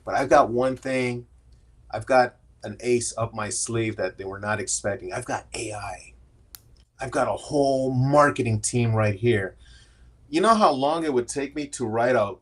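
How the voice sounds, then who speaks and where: A man, a guest in an interview, talking candidly and earnestly about his own work life and slipping into quoted voices as he tells it. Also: medium pitch. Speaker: guest, AI strategist. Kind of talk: conversational interview storytelling.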